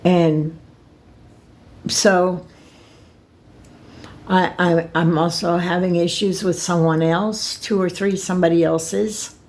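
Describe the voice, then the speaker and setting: An older woman tells a personal story to her camera in a slow, drawn-out way. Her voice sits a little low, and she rambles, restarting and circling back as her feelings rise. The talk is unscripted and emotional. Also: little pitch movement, a little mellow. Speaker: vlogger.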